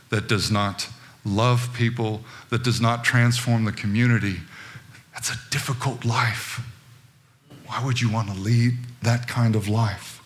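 A pastor preaching with fervent, emphatic drive. His voice is bright and forceful, and he is middle-aged, pressing each point home. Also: fairly low pitch. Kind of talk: sermon.

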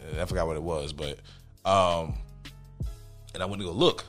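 A man's voice: deep voice, lively intonation, moderate pace, long pauses, faint music behind. A young man in casual podcast chat, telling a story with lots of slang and acting out both sides of a quarrel. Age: young adult. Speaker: podcast co-host.

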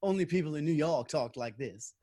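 A man's voice: on the high side, expressive, brisk, dark tone, dry recording, studio quality. A man in casual chat, opinionated and stammering at the start of his points.

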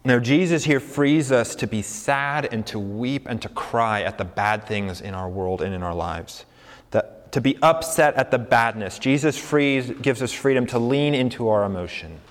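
A man's voice: mid-range voice, expressive, moderate pace. A man preaching a sermon as pastor, earnest and conversational. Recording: long hall reverb.

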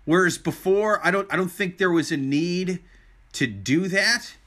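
A man's voice: high-pitched, a little slow, a bit bright. A young man in casual podcast chat, blunt and crude, joking as he talks.

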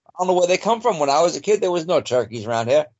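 A man's voice: a little high, very animated, rapid-fire, darkish tone. A man from the Boston area chatting casually in an easygoing, agreeable way. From North Shore of Boston area. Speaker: podcast guest. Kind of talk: casual chat. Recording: dull lo-fi audio.

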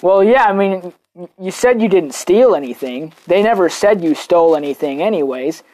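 Young woman, podcast host, casual storytelling, animated, swears, lowish voice, acts out quoted voices. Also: moderate pace.

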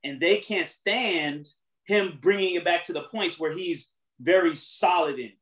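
High-voiced man telling a story. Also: unhurried, fairly bright tone, low-quality recording. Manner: storytelling, acts out quoted exchanges, laughs often. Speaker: podcast co-host. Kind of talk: casual chat.

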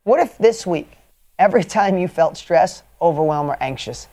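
Punchy, energetic male motivational speaker. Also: on the high side. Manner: energetic, emphatic, fast bursts and drawn-out stresses; blunt and mildly profane. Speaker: motivational trainer. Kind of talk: motivational training talk.

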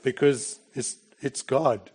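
A man's voice: mid-range voice, steady tone, slow pace, a little mellow, breathy edge. A middle-aged man preaching a sermon in a plain, conversational way, with bursts of emphasis. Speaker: pastor.

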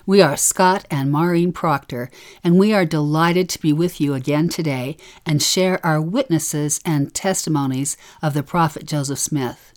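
Low-voiced woman reading a podcast intro. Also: darkish tone. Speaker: podcast co-host. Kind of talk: scripted podcast intro and promotion.

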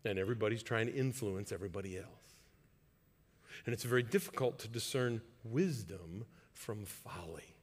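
A man's voice: fairly low pitch, animated, moderate pace, breathy edge, long reverb tail. A man preaching a sermon as pastor, earnest and conversational, building to emphatic points.

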